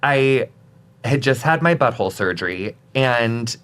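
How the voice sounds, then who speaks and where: Guy guest on a podcast, super chatty and dramatic, medium pitch, says like constantly. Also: measured pace, clean tone. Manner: animated storyteller, dramatic outbursts, many "like"s. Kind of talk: casual interview chat.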